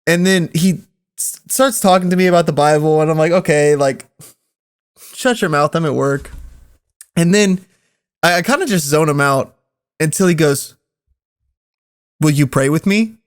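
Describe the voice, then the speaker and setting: Young guy on a podcast, pretty high voice, laughing through a wild work story. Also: normal speed, pauses often, clean tone. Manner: laughs often, animated retelling. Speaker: podcast co-host telling a story. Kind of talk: casual storytelling.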